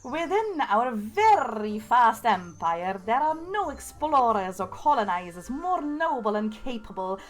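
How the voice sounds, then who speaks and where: A woman voicing a regal queen from a game who rolls her R's and reads a royal letter slowly. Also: fairly high pitch, very animated. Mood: stately. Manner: slow, stately reading of a royal letter. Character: regal imperial queen with rolling R.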